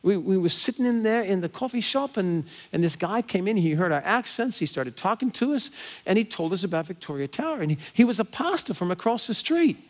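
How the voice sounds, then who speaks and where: Animated American pastor telling a story. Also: male voice, high voice, brisk. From Southern California. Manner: animated, grows excited and laughing as story builds. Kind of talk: sermon storytelling.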